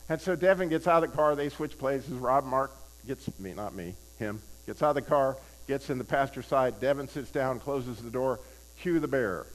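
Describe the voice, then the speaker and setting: In a rough recording, an older man with a medium-pitched voice preaches at normal speed. He tells a personal story in a conversational manner, frequently questions his listeners, and repeats key phrases to drive them home.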